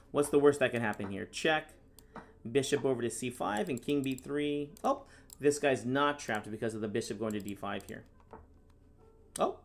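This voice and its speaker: A man from the United States commenting live on his own chess games, reading viewer questions aloud and answering in a casual, deadpan sarcastic way. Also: medium pitch. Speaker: chess streamer and National Master. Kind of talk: live-stream commentary while playing.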